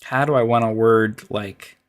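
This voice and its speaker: A man streaming as a dungeon master, thinking aloud while planning a game, halting and trailing off into mumbles. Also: lowish voice, steady tone.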